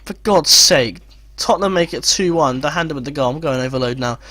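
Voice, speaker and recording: A man's voice: on the high side, brisk, sharp tone, dry recording. A young man giving frustrated, swearing let's play commentary on a football game. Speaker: gamer.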